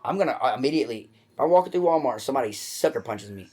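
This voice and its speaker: Loud, foul-mouthed man telling stories. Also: medium pitch, expressive, rapid-fire. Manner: profane, rambling, swears constantly; talks loud. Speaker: podcast host. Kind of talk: casual comedic storytelling.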